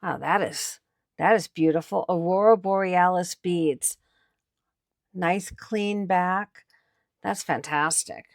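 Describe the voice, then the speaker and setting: Woman vlog host, slow and low-pitched, chatty and excited, dry close sound. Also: no room sound. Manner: chatty and enthusiastic, showing items to viewers. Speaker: antiques picker and channel host. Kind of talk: casual on-camera commentary. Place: indoors at an estate sale.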